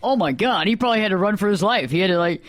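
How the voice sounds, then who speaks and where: A man hosting a radio talk show, telling anecdotes in lively casual chat and acting out the people in them. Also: sits high, rapid-fire, dry recording. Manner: animated, acts out voices in anecdotes.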